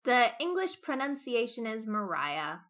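A woman's voice: fairly high pitch, very animated, measured pace, a bit bright. A woman co-hosting a casual book discussion podcast, explaining and correcting details. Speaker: podcast co-host.

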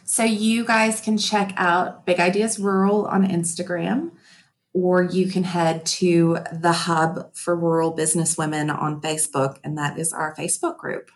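A woman's voice: lowish voice, level tone, a little slow. A woman guest on a podcast, talking earnestly and enthusiastically about her small online community. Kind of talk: conversational podcast interview. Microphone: remote call.

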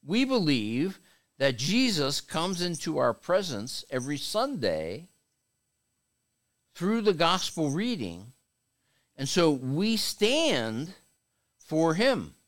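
A man's voice: fairly high pitch, huge pitch swings, slow, pauses often. A man giving a sermon as a bishop, preaching with call-and-response to his congregation.

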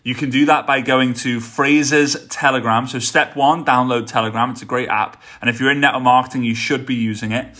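A man with a Scouse accent from Liverpool, hosting his own podcast and speaking straight to his listeners in an energetic, motivational way. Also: mid-range voice, a little fast, hardly any pauses. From England. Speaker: podcast host. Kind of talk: solo podcast talk.

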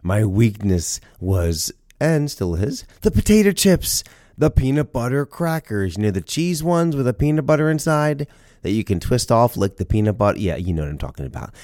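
A man's voice: mid-range voice, sing-song, moderate pace, darkish tone, no room sound, studio quality. A man hosting a podcast, telling stories in a playful, chatty way with jokey asides. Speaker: podcast host. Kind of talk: storytelling podcast monologue.

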